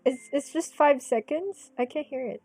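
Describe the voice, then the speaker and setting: A woman's voice: sits high, moderate pace, dark tone, dry recording, faint music behind. A woman chatting casually while drawing on a live stream. She giggles a lot, swears freely, bursts into squeals, and drops Japanese exclamations into her talk.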